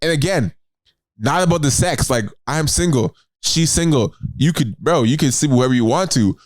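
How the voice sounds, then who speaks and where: A man in his thirties, a podcast co-host, telling a story in casual, animated, profane chat. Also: fairly high pitch, normal speed, no echo. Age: 30s.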